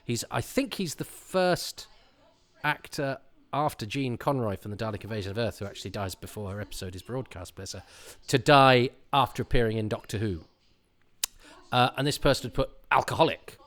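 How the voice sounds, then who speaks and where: A man's voice: medium pitch, normal speed, fairly bright tone. A man hosting a commentary podcast, chatting in a rambling way with many restarts and asides. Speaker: podcast host.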